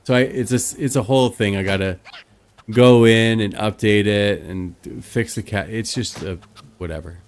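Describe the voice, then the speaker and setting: A man with a fairly low voice, chatting loosely with his stream viewers. He rambles from one story to the next with lots of "like" and "you know" along the way. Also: normal speed, slight background noise. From Canada. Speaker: live streamer. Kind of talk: casual chat with stream viewers.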